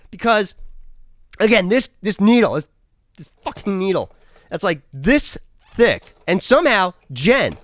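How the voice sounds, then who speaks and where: A man's voice: sits high, very animated, measured pace, pauses often, a bit bright, dry recording, clean studio sound. A man reviewing a TV episode in a casual, profane, exasperated rant. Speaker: show reviewer.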